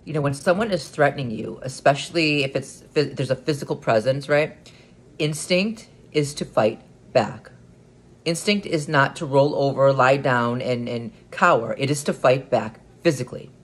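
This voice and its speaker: A man with an ordinary mid-pitched voice delivers a solo vlog monologue. He speaks earnestly but haltingly, repeating words as he restarts his thoughts. His delivery builds into firmer emphasis. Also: fairly bright tone. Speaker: vlogger.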